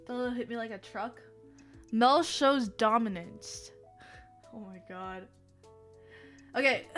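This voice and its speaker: A young woman streamer with a fairly high voice reads fan fiction aloud on a livestream. She is theatrical and animated, breaking off for quick laughing asides, while faint music plays under her.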